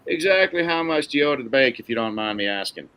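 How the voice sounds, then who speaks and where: A man reading a story, voicing a soft-spoken, quietly dangerous Irish man with a genial, coaxing manner. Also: mid-range voice, animated, quick pace, clear, resonant tone. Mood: smooth.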